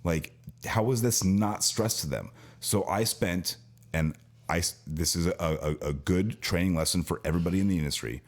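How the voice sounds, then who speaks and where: A Californian podcast co-host who works in a car dealership's service department vents through a long, casual story about his job, restarting often. His voice sits low and moves at a normal speed.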